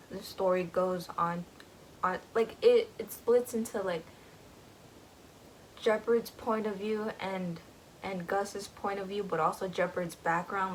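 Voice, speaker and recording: A woman's voice: medium pitch, a little hiss or hum, rough recording. A woman casually recapping a book, rambling, with lots of filler words.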